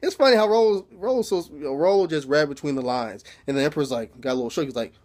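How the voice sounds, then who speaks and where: Male YouTube reviewer, slightly high voice, loose and slangy, chuckles through his recap. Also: quick pace, a little mellow. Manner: laughs often, slangy, rambling. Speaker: TV episode reviewer. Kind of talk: casual recap with profanity.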